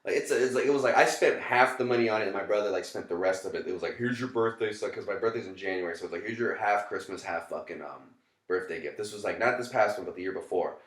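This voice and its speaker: A man's voice: on the low side, quick pace, a bit bright. A young man hosting a podcast, tipsy, rambling and laughing, swearing and calling his guest "bro". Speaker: podcast host. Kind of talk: casual drunk chat. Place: small apartment. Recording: echoey apartment room.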